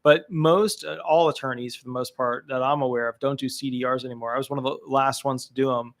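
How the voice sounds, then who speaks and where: Chatty man with a gravelly voice. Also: medium pitch, fairly even intonation, quick pace. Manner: chatty, upbeat, lots of fillers and restarts. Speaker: disability attorney hosting a live call-in show. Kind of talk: casual live call-in advice.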